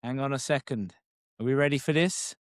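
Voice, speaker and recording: A man co-hosting a wrestling podcast, chatting casually and briskly steering the segment along. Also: mid-range voice, dry recording, studio quality. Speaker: podcast co-host. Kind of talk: casual chat.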